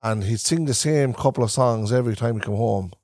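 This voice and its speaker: A man's voice: medium pitch, brisk, darkish tone, no room sound, studio quality. A man with an Irish Traveller accent, a podcast host who rambles and repeats himself while telling family stories in a casual chat recorded in a caravan.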